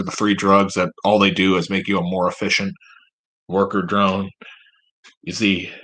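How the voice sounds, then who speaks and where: A man's voice: lowish voice, bright, forceful tone. A man ranting casually, rambling and sarcastic, with plenty of swearing. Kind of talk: casual rant.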